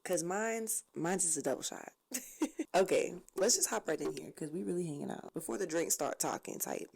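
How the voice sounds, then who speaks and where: A woman's voice: fairly low pitch, vocal fry, a little mellow. A young woman from Southwest Florida hosting her own podcast, chatting casually and playfully with plenty of slang and laughter. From Southwest Florida, USA. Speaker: podcast host. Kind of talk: casual chat.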